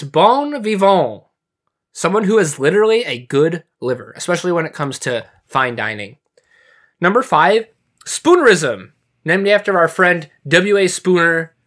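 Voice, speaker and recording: A man's voice: fairly high pitch, fairly bright tone. A man co-hosting a casual podcast, reading out words and definitions with playful asides. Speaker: podcast co-host.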